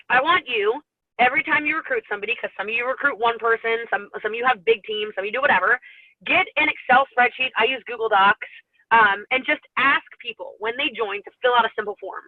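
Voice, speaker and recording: A woman's voice: fairly high pitch, no room sound. Chatty teary woman on a tinny line. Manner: chatty, rambling, laughs often. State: teary, sniffly from allergies. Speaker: network marketing team leader. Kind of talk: casual motivational talk.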